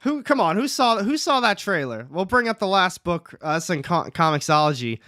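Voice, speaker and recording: A chatty young man hosts a comics livestream, reading the chat aloud and poking fun at himself. His voice sits a bit high and comes through smooth and clear. The sound is close and dry, with no room echo. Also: big pitch swings, a little fast, sharp tone.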